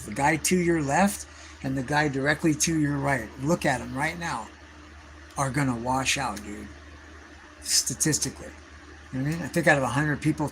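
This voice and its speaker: A man's voice: fairly high pitch, a bit bright, slight background noise, poor audio. A man, rambling through stories on a livestream in profane slang. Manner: profane, slangy, calls listeners dude and bro. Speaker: livestream host.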